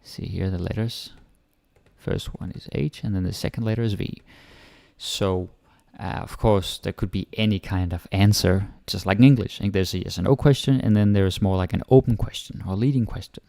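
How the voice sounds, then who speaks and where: A man from Denmark with a Danish accent teaches an online language lesson in a dark, mellow, gravelly voice. He talks slowly and casually, repeating short example phrases. The sound is close and dry. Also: low voice, fairly even intonation, no room sound.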